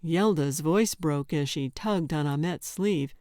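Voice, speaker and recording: A woman narrating an audiobook in a measured, deliberate storytelling manner. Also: deep voice, mellow, no room sound, clean studio sound.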